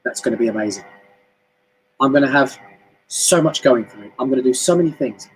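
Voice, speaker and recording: A man with a British accent giving a chatty, animated motivational talk on a home live stream, often jumping up high in pitch. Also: fast talker, a little hiss or hum, poor audio. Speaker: motivational speaker. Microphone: home live stream mic.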